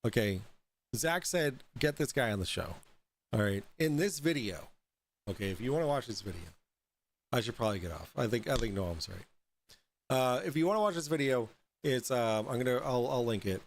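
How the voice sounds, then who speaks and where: A man hosting a casual livestream, drunk and high, rambling and halting over fillers as he talks. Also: lively intonation, slight background noise. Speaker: host.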